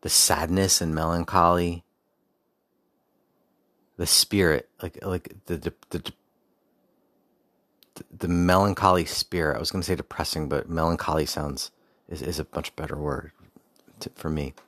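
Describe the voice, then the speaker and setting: Very deep-voiced man telling a story. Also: flat delivery, a little slow, pauses often, a bit bright, dry recording, studio quality. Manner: rambling, with frequent restarts and asides; faith-focused reflection. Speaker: podcast host. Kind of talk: casual personal storytelling.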